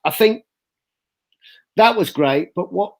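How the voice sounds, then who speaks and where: A man hosting a casual chat, excitable, with the odd swear word for emphasis. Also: high-pitched, takes it slowly, gravelly. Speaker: host.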